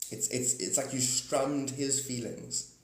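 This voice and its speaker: A man hosting a live stream rambles about spiritual ideas, playing with words, chuckling often and addressing viewers by name. His mid-range voice is flat and slow, with a roomy echo on the recording.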